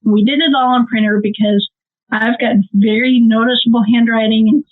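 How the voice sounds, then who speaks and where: A middle-aged woman with a Midwestern American accent, a nonprofit co-founder and interview guest, telling an emotional family story with animated energy and laughter. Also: on the high side, a little fast. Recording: tinny phone-like call audio.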